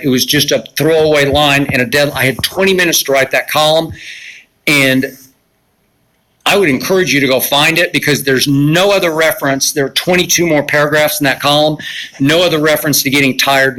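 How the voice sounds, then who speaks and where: Sixties male sports commentator, bright forceful voice, emphatic and opinionated solo talk. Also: mid-range voice, rough recording. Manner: opinionated, emphatic basketball critique with sarcastic asides. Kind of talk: solo live-stream commentary.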